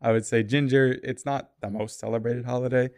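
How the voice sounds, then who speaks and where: A man running a tabletop game as game master, describing the world in a relaxed way with some fillers. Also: mid-range voice, fairly quick, no room sound, clean studio sound.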